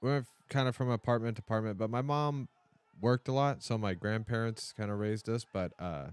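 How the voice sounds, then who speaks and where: A man's voice: fairly low pitch, a little fast, clear, resonant tone, no echo. A man hosting a casual podcast chat, mostly answering with short, amazed interjections.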